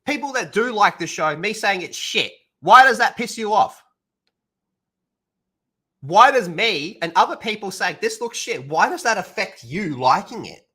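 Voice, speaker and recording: A man's voice: sits high, lively intonation, measured pace, sharp tone, husky. A man streaming alone, ranting heatedly with lots of swearing. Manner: heated, profane, sarcastic ranting. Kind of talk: livestream rant.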